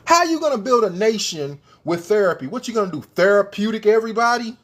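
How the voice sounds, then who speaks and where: Male commentator with a high voice, preachy rant to camera, hammers home rhetorical questions. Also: expressive, quick pace, fairly bright tone. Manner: emphatic, repeats rhetorical questions; addresses the viewers directly.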